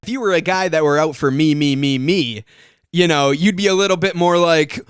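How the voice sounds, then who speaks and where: A man's voice: on the high side, fairly quick, slight background noise. A man hosting a casual interview, rambling and swearing, laughing often. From Michigan. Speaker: podcast host.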